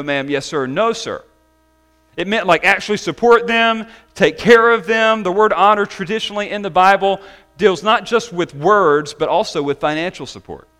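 A man preaches from the pulpit in a high, ringing voice. He drives his points home, stretching out the words he wants to land. The delivery is bright and forceful. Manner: emphatic preaching, slowing down to stress key words. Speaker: pastor. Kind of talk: sermon.

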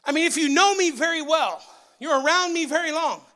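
A man preaching a sermon in a church, excitable and loud, his voice rising into yelling. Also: very high-pitched, brisk. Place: church sanctuary.

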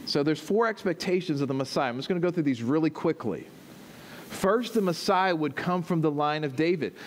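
A man's voice: a little high, lively intonation, a little fast, a little hiss or hum. A man, the pastor, preaching a teaching sermon, explaining step by step and checking in with his listeners as he goes.

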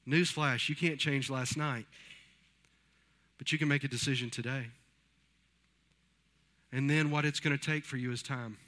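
Bright-voiced man in his fifties preaching. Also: mid-range voice. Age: 50s. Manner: conversational, storytelling with quoted voices. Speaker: pastor. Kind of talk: sermon. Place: church sanctuary.

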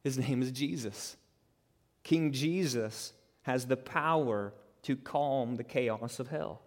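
A man preaching a sermon as pastor, emphatic and conversational, acting out quotes and building to loud peaks. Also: medium pitch, slow pace. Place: church sanctuary. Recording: reverberant hall.

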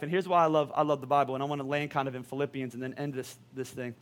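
A male pastor preaching a sermon in a lively, conversational way, full of questions to the congregation. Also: fairly high pitch, racing.

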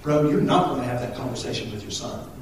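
A man in his thirties, a pastor giving a conversational, animated sermon with asides and jokes. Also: mid-range voice, quick pace. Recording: echoey hall, speaker far from the mic, faint noise.

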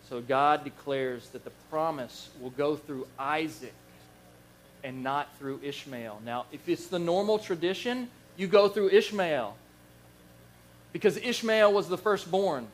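A man preaching a Bible lesson, telling the stories in a lively, animated way and acting out the figures he quotes. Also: on the high side, slight background noise. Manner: animated storyteller, acts out quoted voices, chuckles. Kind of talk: Bible teaching sermon.

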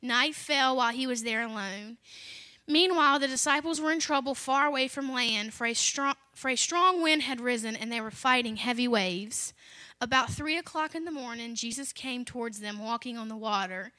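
A young woman, a children's pastor, praying and preaching in a lively way and reading scripture aloud with dramatic jumps in loudness. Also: fairly high pitch, normal speed, no echo. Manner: animated, acts out quotes with sudden loud rises. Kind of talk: prayer and sermon with scripture reading.

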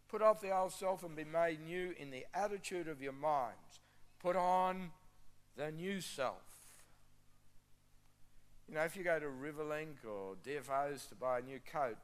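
A man preaching a sermon as pastor, emphatic and repeating key phrases for stress. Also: mid-range voice.

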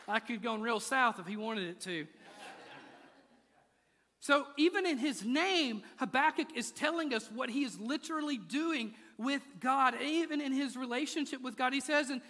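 His pitch is extremely high, bright and forceful as this pastor delivers a church sermon at a normal speed. He goes from playful asides to intense, rising appeals, with the long reverb of a large hall around him.

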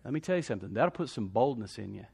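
A man's voice: on the low side, lively intonation, quick pace, creaky, warm tone, breathy edge. A man preaching a sermon, emphatically repeating declarations and calling for responses from the congregation. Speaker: pastor.

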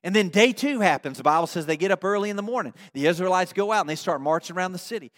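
High-voiced preacher in an echoing church. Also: male voice, racing. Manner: animated storytelling, addresses the congregation with questions. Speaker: pastor. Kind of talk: sermon. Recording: long reverb of a large hall.

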